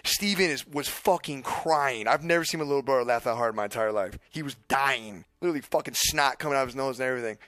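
A young man streaming, telling a story in casual, excited, profane chat full of restarts. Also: mid-range voice, fast talker, few pauses, no echo.

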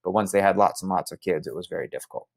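A man's voice: low-pitched, rapid-fire, gravelly. A man casually narrating travel stories over photos, chatty and rambling with many fillers. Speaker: travel storyteller.

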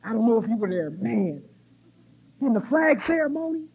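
A middle-aged woman from the US Midwest giving an animated, laughing personal testimony at a recovery conference. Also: a little high, moderate pace, creaky, husky. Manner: animated, laughing, exclamatory storyteller. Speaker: recovery meeting speaker. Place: conference hall stage. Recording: muffled cassette tape transfer.

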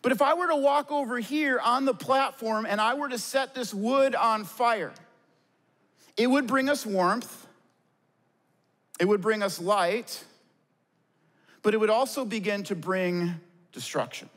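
A man's voice: high-pitched, unhurried, long pauses, a bit bright. A man preaching a sermon from a church stage, earnest, posing questions and answering them himself. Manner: earnest, asks and answers his own questions. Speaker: pastor. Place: church stage before a congregation. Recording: long hall reverb.

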